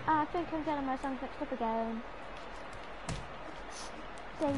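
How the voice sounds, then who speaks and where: A woman plays a video game and chats to herself in a silly, rambling, joking manner as casual gameplay commentary. Her voice is high-pitched and unhurried with frequent pauses, and game music plays behind her amid heavy background noise.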